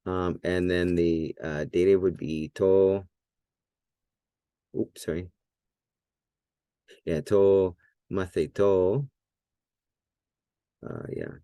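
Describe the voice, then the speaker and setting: A man teaching a Greek lesson at a whiteboard, relaxed and thinking aloud, with many fillers and restarts. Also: low voice, very slow, long pauses, clean tone, no room sound.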